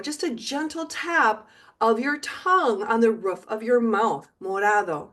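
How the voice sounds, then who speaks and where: A middle-aged woman teaching a video lesson, encouraging and repeating words slowly for learners, now and then singing along. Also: on the high side, a bit bright. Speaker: Spanish teacher.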